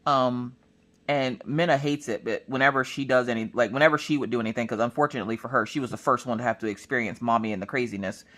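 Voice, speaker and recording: A woman crafting vlogger chatting casually, telling family stories with lots of restarts and acted-out voices. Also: fast talker. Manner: animated, acts out family members in shrill high voices; chatty, with many restarts and "look, listen". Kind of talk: casual storytelling chat.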